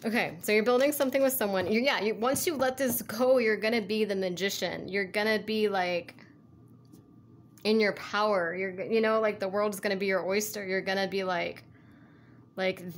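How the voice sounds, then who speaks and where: A woman's voice: medium pitch, normal speed. Woman rambling thru a tarot reading, says like a lot, earnest, bit of hiss behind her. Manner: rambling, heavy use of "like", earnest and encouraging. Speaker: tarot reader. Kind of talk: casual tarot reading to camera.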